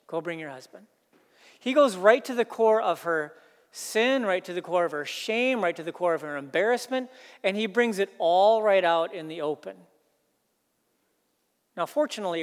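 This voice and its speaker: A pastor preaching a sermon, earnest, building emphasis through repeated phrases. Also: male voice, high voice, long reverb tail.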